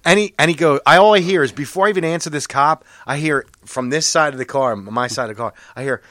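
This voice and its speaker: A man's voice: quick pace, no echo, studio quality. Profane man telling a road story. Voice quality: gets loud and high when quoting other drivers.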